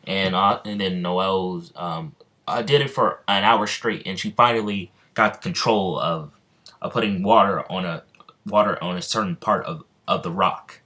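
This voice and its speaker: A young man tells an improvised fan story in a loose, rambling way, stopping often to restart his sentences. His voice sits very low. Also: unhurried, bright, forceful tone. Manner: rambling, full of ums and restarts.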